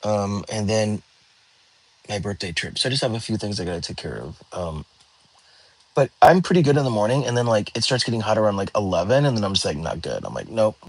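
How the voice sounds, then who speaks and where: A tired young man, hosting a relaxed livestream and chatting with viewers from home. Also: fairly low pitch, quick pace. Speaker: livestream host. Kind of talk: casual livestream chat. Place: home, lying down.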